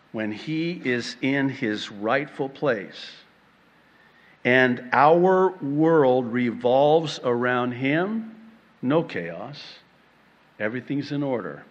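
A man preaching a sermon, slow and dramatic, breaking into playful acted-out quotes and laughter. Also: mid-range voice, long reverb tail, highs cut off.

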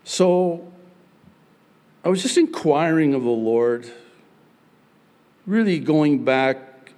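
A man preaching a sermon as pastor, earnest, moving between soft passages and emphatic ones. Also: on the high side, lively intonation, slow pace.

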